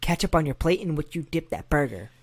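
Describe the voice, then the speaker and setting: A man's voice: on the high side, expressive, fast. A man in casual banter, ranting emphatically with heavy swearing.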